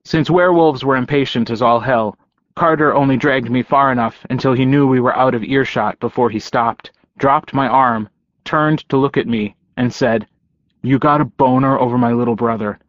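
A man reading a first-person novel aloud in a wry, deadpan way. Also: medium pitch, normal speed, dry recording, highs cut off. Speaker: audiobook narrator. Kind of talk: first-person audiobook narration.

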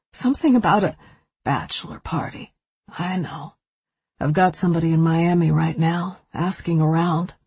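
A woman's voice: mid-range voice, a little mellow, breathy edge, no room sound. Woman reading as a grief-struck widowed father. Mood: grim. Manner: raw, bursts into anger. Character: grieving young father, widower, volatile.

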